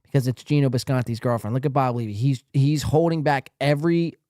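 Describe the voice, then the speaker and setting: A man's voice: medium pitch, steady tone, fairly quick, warm tone, dry recording, clean studio sound. A man hosting a podcast, commenting casually on clips in a crude, rambling way with plenty of swearing. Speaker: podcast host.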